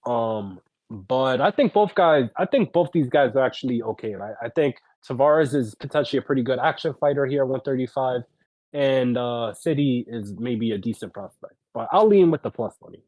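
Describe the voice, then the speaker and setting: A man co-hosting a casual betting podcast, measured and hedging, with many fillers. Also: medium pitch, expressive, a little mellow, no echo, muffled recording. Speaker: podcast co-host, betting picks. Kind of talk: casual chat.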